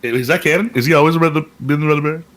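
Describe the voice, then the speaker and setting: A man's voice: on the high side, racing, over a noisy crowd. A man co-hosting a podcast in casual chat, joking around in a goofy manner. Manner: jokey, goofy. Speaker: podcast co-host and band member.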